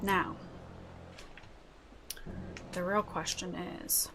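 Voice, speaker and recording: A young woman streaming a video game live, chatting with viewers and yelling excitedly at the game. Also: fairly low pitch, drawn-out words, noisy background.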